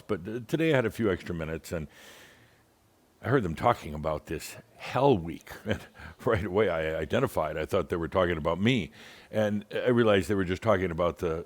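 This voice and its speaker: Man, deep voice, channeled spiritual teacher; wry, rambling, playful asides.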